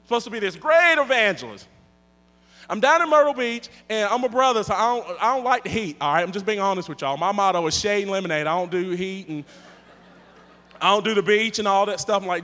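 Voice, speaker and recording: A man with a high voice preaches to his congregation, telling a story in a lively, joking, chatty way. His voice rings out with a long reverb, as if in a large church hall. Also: fairly quick. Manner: animated, joking, conversational. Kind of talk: storytelling sermon.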